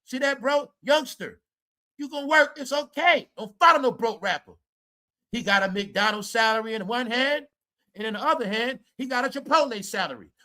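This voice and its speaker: Brash high-voiced man ranting. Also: moderate pace, pushed and bright. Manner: brash, mocking, repeats "y'all" and "bro". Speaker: commentary streamer. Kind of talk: ranting commentary.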